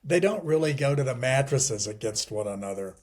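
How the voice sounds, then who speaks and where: This middle-aged guest chats loosely in an interview, wandering off topic, restarting frequently, leaning on "you know", and laughing wryly at dark points. He speaks briskly in an expressive, mid-range, slightly mellow voice.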